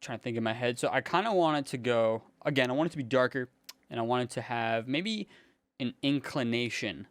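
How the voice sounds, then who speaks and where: A young man, a music producer, casually thinking aloud in a relaxed, slangy way as he builds a track in his home studio. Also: medium pitch, brisk, no echo. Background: faint synth music playing.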